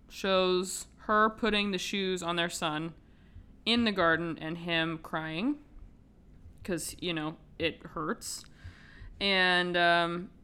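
Woman podcaster, bright crisp voice, chatty and sweary film recap. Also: mid-range voice. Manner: swearing, animated retelling with filler words. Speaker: podcast host.

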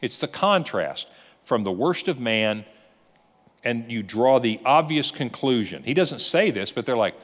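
Man, pastor, sermon, lively storyteller, mid-pitched voice, long church reverb. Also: measured pace. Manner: animated storytelling with rhetorical questions.

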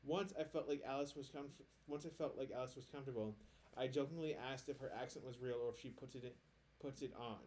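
A man's voice: mid-range voice, steady tone, fast, a little mellow, a little hiss or hum. Chatty man reading posts aloud. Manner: loose, chatty, leans on filler "like". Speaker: podcast co-host.

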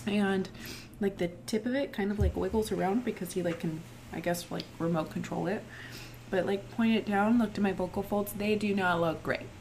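A hoarse young woman, co-hosting a podcast, tells stories in animated, casual chat, laughing often and saying "like" a lot. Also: mid-range voice, moderate pace, slight background noise. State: hoarse, strained voice. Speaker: podcast co-host.

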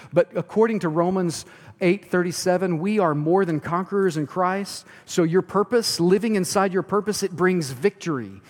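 Pastor preaching in a reverberant hall. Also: male voice, on the high side. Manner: swings from loud emphatic to hushed near-whispers. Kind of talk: sermon.

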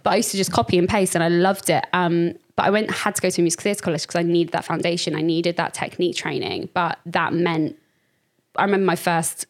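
Woman, young adult, slightly low voice, lively storyteller who voices her own past thoughts; a podcast guest. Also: fast. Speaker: guest, dancer and teacher. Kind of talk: casual interview chat.

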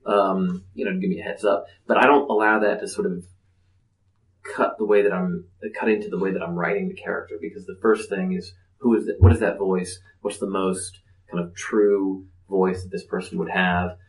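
Male author, low gravelly voice, hesitant and reflective, roomy echo. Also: flat delivery. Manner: reflective, halting with many fillers. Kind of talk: panel discussion.

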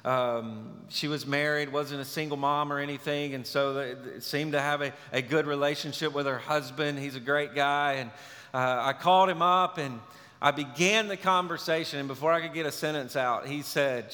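A male pastor preaching a sermon, telling a story in a relaxed, conversational way. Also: a little high, normal speed. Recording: long reverb of a large hall.

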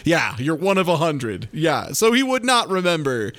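A man's voice: on the high side, big pitch swings, normal speed, fairly bright tone. A young adult man co-hosting a podcast, chatting casually and joking with frequent laughs. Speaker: podcast co-host. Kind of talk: casual chat.

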